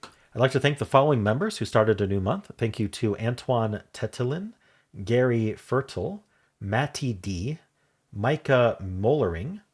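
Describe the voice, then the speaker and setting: A man with a medium-pitched, darkish voice and a breathy edge hosts a puzzle game channel. Working through word puzzles, he thinks aloud casually, musing with hesitation and correcting himself.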